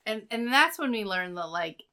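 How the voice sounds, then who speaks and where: A woman's voice: medium pitch, animated, moderate pace, pushed and bright, smooth. A woman co-hosting a podcast in casual chat, joking, swearing and acting out characters' lines. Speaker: podcast co-host.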